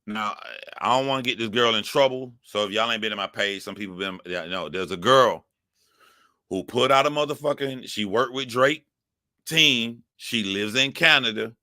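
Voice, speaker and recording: Man streamer, low forceful voice, dry close sound, profane emphatic ranting to chat. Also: normal speed, no room sound. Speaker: streamer commentator. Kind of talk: heated commentary to live chat.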